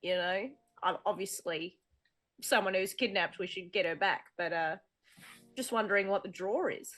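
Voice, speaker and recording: A woman's voice: mid-range voice, normal speed, a bit bright. A woman playing her character in a tabletop game, casual and rambling with jokes. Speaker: player. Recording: faint music behind.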